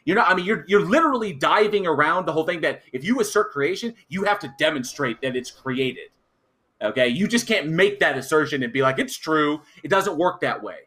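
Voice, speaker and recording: Combative man with a bright voice. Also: fairly high pitch, lively intonation, fairly quick. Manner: combative, repeats demands, swears when angry. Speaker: debater. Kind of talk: heated online debate.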